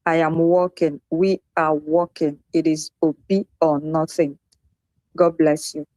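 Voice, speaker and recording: A woman's voice: sits low, level tone, mellow, dry recording. A woman, earnestly saying goodbye in a live audio chat. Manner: slow, earnest, signing off. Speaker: speaker leaving an audio space.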